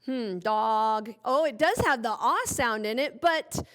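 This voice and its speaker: Her voice is high-pitched and moderately paced as she teaches a playful phonics lesson to young children. The woman stretches words out and speaks in a lively, exaggerated style.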